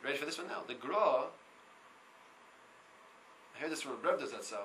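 A man giving a Torah class, reading Hebrew lines aloud and translating them, in an animated way that repeats words. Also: fairly high pitch, normal speed, slight background noise, rough recording. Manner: reads Hebrew text and translates line by line. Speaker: Torah teacher.

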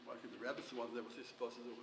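An older man telling anecdotes to a small group in a rambling, halting way with many restarts. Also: medium pitch, fairly even intonation, creaky. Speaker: storyteller. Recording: echoey, distant, noisy room.

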